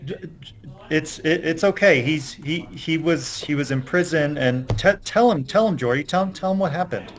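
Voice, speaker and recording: A man's voice: fairly high pitch, moderate pace, hardly any pauses. A man playing a tabletop game who stammers and repeats words as he speaks in character. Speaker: player. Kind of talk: tabletop role-play.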